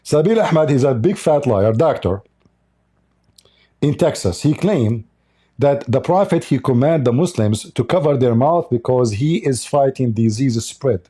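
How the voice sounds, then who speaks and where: A man's voice: mid-range voice, lively intonation, a little slow, mellow, husky. A man hosting a livestream, talking in a mocking, sarcastic way in non-native English. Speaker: livestream host. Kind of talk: livestream polemic commentary.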